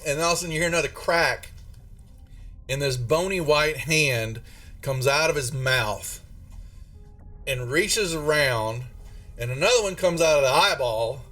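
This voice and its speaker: A man running a tabletop horror game as game master, narrating in a rambling, halting way full of restarts and fillers. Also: fairly high pitch, bright, forceful tone.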